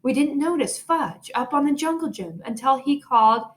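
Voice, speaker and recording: A woman teacher greeting her pupils and reading a chapter book aloud, gentle and encouraging, recorded at home. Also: high voice, expressive, normal speed. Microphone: home video recording.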